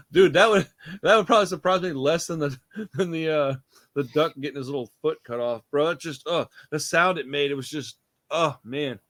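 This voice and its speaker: A man's voice: a little high, lively intonation, normal speed, fairly bright tone. A young man hosting a casual movie review chat, laid-back and rambling, calling his friend dude and bro. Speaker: host.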